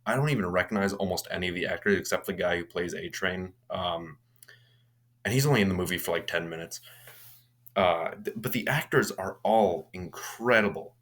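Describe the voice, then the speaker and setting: Deep-voiced young guy rambling thru a horror movie recap, lots of restarts. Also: normal speed, fairly bright tone. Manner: rambling, with frequent restarts and fillers. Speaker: movie reviewer.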